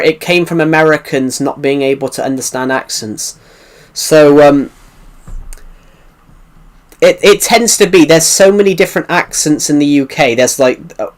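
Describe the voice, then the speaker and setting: Rambling British man, slightly high voice. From United Kingdom. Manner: rambling, circles back and repeats himself. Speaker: livestreamer answering chat. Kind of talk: casual live-stream chat.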